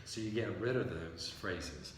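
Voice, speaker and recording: A low-voiced man talks as an interview guest about writing and editing. He explains his points with short acted-out example sentences. He sounds set back from the mic in an echoey room with a long reverb tail and faint hiss. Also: a little slow, recorded from a distance. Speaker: novelist and playwright guest. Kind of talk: conversational interview.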